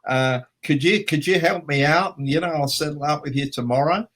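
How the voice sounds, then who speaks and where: A man imitating a naive, friendly male colleague, speaking in an eager, guileless way, with a raised pitch and a husky voice. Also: a little fast, a bit bright. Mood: pleading. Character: naive, friendly male craftsman from New Zealand.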